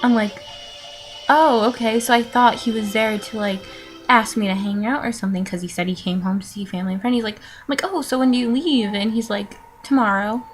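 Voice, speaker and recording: A nineteen-year-old woman chatting to her followers in a loose, rambling vlog, her speech full of ums, sighs and small laughs. Her voice sits at an ordinary middle pitch, with faint music playing in the background. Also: fairly even intonation, quick pace. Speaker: vlogger answering follower questions.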